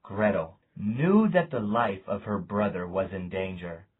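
Slow, husky male storybook narrator. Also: low voice, phone-quality sound. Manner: slow, deliberate, lively intonation. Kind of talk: storybook reading.

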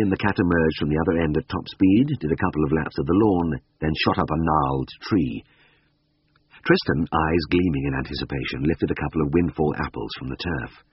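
A man reading a first-person story aloud in a wry, lively storytelling manner. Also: extremely low pitch, husky, dry recording. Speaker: audiobook narrator. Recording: dry, slightly dull recording.

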